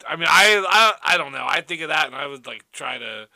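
A man with a very bright, sharp tone and a slightly high pitch co-hosts a casual podcast chat. He is animated and giggly and fills his speech with "like." The sound is dry and close-miked. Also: fairly quick, vocal fry, no echo. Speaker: podcast co-host.

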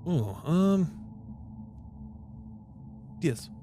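A man's voice: fairly high pitch, big pitch swings, extremely slow, dark tone, voice pushed up, heavily acted. Man voicing a rambling old foreigner, forgetful, hesitant, music bed underneath. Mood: knowing. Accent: put-on foreign accent.

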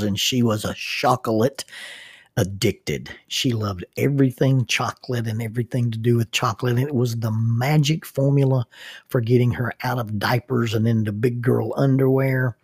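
A middle-aged man hosting a podcast, telling family stories in a folksy, unhurried way and reading sponsor messages. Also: medium pitch, husky, dry recording, studio quality. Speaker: podcast host. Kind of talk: podcast storytelling with sponsor reads.

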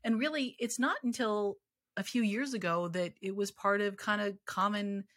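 A woman in her forties speaking as a podcast guest, candid and self-deprecating in a lively conversational way. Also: mid-range voice, moderate pace, no echo, studio quality. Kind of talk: conversational interview.

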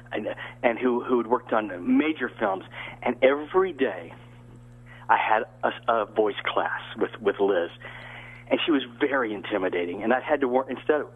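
A man's voice: mid-range voice, husky. Older man rambling over a tinny line. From American South. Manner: rambling, lively anecdotes with many restarts. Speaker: actor, guest. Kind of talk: casual interview storytelling.

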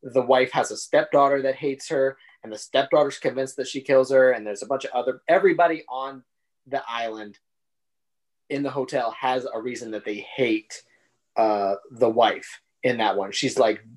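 A man speaking on a casual podcast, calmly laying out how the adaptations differ from the book. His pitch is in the ordinary middle range, and he talks in an even, explanatory way. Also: normal speed. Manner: steady, explains plot points and compares the book with the adaptations. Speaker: podcast co-host. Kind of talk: casual chat about books and films.

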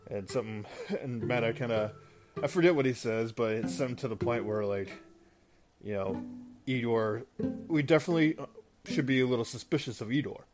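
Briskly and in a medium pitch, a man casually walks through a film's plot as a show host. He rambles with plenty of fillers and restarts, laughs at his own fumbles, and guitar music plays in the background.

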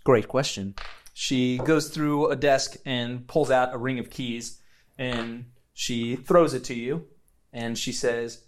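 A man narrating a tabletop role-playing game as game master, laughing often and talking quickly. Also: medium pitch, steady tone.

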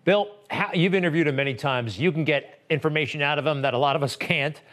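A man's voice: on the high side, quick pace, fairly bright tone. A man hosting a talk show interview, chatty and asking leading questions.

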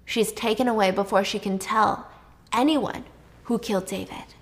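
A woman's voice: steady tone, normal speed. Chatty woman retelling a drama. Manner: chatty, acts out dialogue with raised pitch. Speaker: drama recap narrator. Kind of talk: casual storytelling recap.

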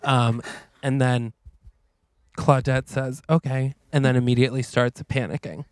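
A man's voice: mid-range voice, level tone, measured pace, clear, resonant tone, dry recording. A man co-hosting a podcast, telling an improvised story in casual chat and acting out the dialogue. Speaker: podcast co-host.

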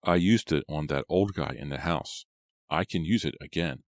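A man's voice: very deep voice, normal speed, dry recording, studio quality. A man voicing an unstable, menacing young man in an audiobook, muttering and rambling.

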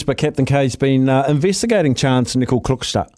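A man hosting a casual radio show, reading out listener texts with brisk, jokey asides. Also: mid-range voice, lively intonation, a little mellow, no room sound, faint music behind. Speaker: radio host.

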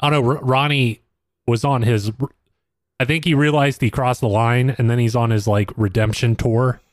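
A man's voice: medium pitch, steady tone, moderate pace, dry recording, studio quality. A man co-hosting a podcast, making wry, sarcastic remarks while recapping a reality show. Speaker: podcast co-host.

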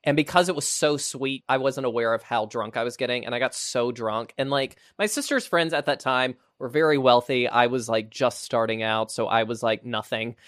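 This animated podcast host cracks jokes with his guest while reading out questions in a relaxed conversation. He speaks in a mid-range voice at a moderate pace with hardly any pauses, recorded in studio quality without echo.

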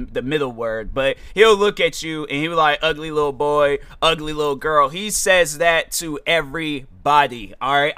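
Bright-voiced chatty young man. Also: a little high, no echo. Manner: chatty, rambling, lots of fillers. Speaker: podcast host. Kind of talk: casual commentary monologue.

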